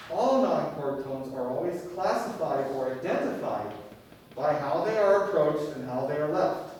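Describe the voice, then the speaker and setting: A man lectures a music theory class from the front of a classroom, stopping often to quiz his students. His voice sits a touch high and comes from across the room, with heavy room echo and a faint hiss underneath. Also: a little mellow. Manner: questioning, checks in with students often. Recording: echoey classroom from far off, faint noise.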